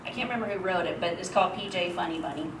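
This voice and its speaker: Talking rapid-fire in a lowish voice, a woman recounts personal stories at a memorial, keeping it chatty and laughing frequently. It's a eulogy in a memorial gathering hall, and the audio is noisy and echoey from a far-off mic.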